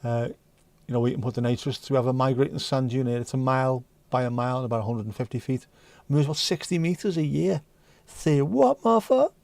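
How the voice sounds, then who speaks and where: Bloke chatting on his stream, jokey, dark tone, close dry sound. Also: medium pitch, fairly even intonation, fast talker, no room sound. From North West England. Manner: joking, banter with chat. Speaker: livestream host. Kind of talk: casual livestream chat reading comments.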